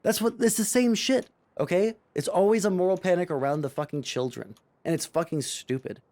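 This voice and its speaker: A man's voice: sits high, fairly quick, darkish tone. A man giving a casual reaction commentary as a streamer, ranting sarcastically and swearing a lot.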